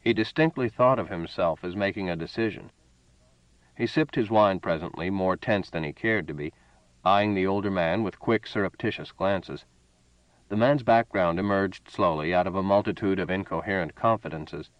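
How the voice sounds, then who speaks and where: A man narrating a story in a steady, measured reading voice. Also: sits low, no echo, muffled recording. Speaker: audiobook narrator. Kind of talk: scripted narration.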